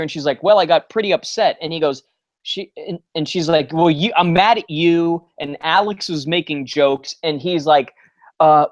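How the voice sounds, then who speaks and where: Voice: mid-range voice, moderate pace, dull audio. A podcast co-host in casual chat, acting out the characters' lines with mocking quotes and tripping over frequent restarts. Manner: frequent restarts and filler words.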